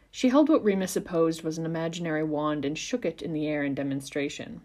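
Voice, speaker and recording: A woman with a fairly low voice reads a story chapter aloud for a podcast. She takes an expressive, measured pace and leans into the narration. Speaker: podcast reader. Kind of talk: reading fan fiction aloud.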